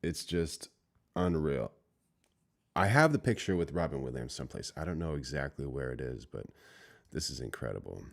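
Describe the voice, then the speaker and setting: A man streaming live, reacting to a clip with rambling commentary that trails off into quiet asides. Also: a bass voice, expressive, moderate pace.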